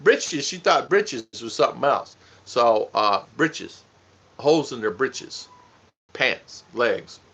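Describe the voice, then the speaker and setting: A man's voice: mid-range voice, animated, slow, vocal fry, a bit bright, husky. A man co-hosting a casual live stream, joking with his wife and greeting viewers by name. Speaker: vlog co-host. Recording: dull lo-fi sound.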